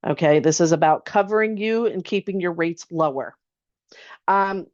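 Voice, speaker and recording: A woman at a mid-pitched level, talking an online audience through a webinar. Her delivery is chatty, full of rhetorical questions and quick "okay?" check-ins. The audio is dull and lo-fi with a dry, close sound. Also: no echo. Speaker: insurance agent presenter. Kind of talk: webinar presentation.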